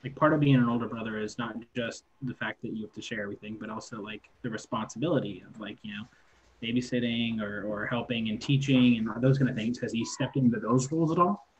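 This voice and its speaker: A man's voice: medium pitch, fairly even intonation, quick pace, husky. A man co-hosting a casual interview, asking long questions full of fillers. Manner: rambling, hedging questions with many fillers. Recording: dull livestream audio with faint background noise.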